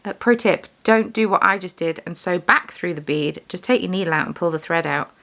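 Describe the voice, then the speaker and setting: A woman's voice: fairly low pitch, brisk, vocal fry, fairly bright tone. A young woman vlogger chatting casually while she does bead weaving, rambling and poking fun at herself. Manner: rambling, self-deprecating, chatty. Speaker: vlogger, yarn dyer and shop owner.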